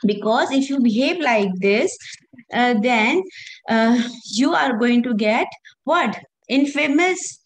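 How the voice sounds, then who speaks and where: A woman teaching a children's lesson, retelling an old scripture story in plain words. Her voice sits high. She talks in a halting way, uses many fillers and keeps turning to the children with questions. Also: expressive.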